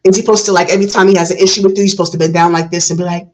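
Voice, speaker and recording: A woman's voice: lowish voice, steady tone, racing, hardly any pauses, rough recording. A woman hosting a reaction video, giving passionate casual commentary with many restarts. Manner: passionate, talks it through with restarts.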